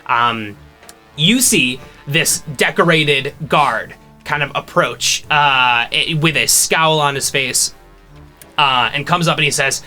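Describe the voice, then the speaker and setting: A man's voice: a little high, slow, bright, forceful tone, faint music behind. A man narrating a tabletop game as game master, rambling with lots of fillers. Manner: rambling, many fillers and hedges.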